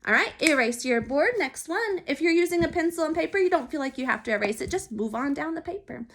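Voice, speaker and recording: A woman teaching a phonics lesson to young children, sounding out letters and syllables slowly and clearly. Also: sits high, animated, a bit bright. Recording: recorded for remote learning.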